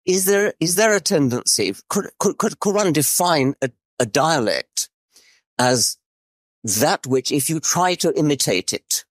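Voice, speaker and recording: A man's voice: fairly high pitch, animated, measured pace, dry recording. A man hosting a conversation, hesitant and often repeating words as he thinks. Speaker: host. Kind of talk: casual chat.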